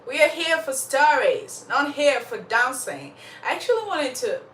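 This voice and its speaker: A woman's voice: high-pitched, sing-song, a little slow, a bit bright, far from the mic. A young woman from Uganda chatting casually with viewers on a livestream, laughing often and a little under the weather with a slight cough. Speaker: livestream host. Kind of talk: casual live chat with viewers. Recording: roomy sound from off the mic, faint background noise.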